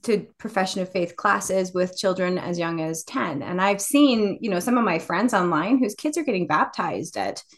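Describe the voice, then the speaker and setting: A woman in her forties, a podcast guest who tells family anecdotes in a casual, animated way and laughs often. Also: on the low side, normal speed, hardly any pauses. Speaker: guest, author and mother. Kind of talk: casual storytelling in a podcast interview.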